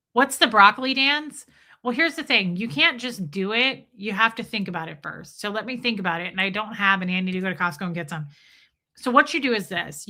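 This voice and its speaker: A woman hosting a livestream and reading viewer messages in casual, playful chat, swearing freely and slipping into mock voices. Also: medium pitch. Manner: playful and animated, breaks into bits of song and mock voices. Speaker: livestream host reading viewer super chats.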